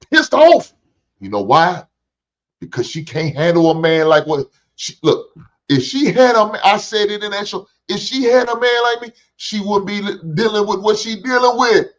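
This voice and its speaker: High-voiced guy ranting, swears a lot, preachy, sing-songy, muffled lo-fi audio. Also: animated, moderate pace. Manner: profane, preachy, sing-song taunting. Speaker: show host reacting to clips. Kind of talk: casual commentary. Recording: dull lo-fi sound.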